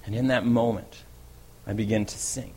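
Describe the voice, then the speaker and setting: A man's voice: fairly low pitch, steady tone, normal speed, a little mellow, slightly rough. A man playing a bold, eager fisherman apostle. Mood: wondering. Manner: conversational storytelling, often asks "right?". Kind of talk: first-person dramatic monologue.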